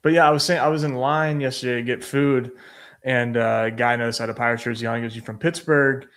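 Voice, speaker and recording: A man's voice: medium pitch, flat delivery, fast, fairly bright tone. A man from western Pennsylvania co-hosting a podcast, chatting casually and telling a loose, laid-back story. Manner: laid-back, swears, tells stories. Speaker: podcast co-host.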